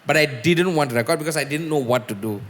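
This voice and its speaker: Man, podcast guest musician, animated storytelling, swears, long echoing reverb. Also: on the high side, fast.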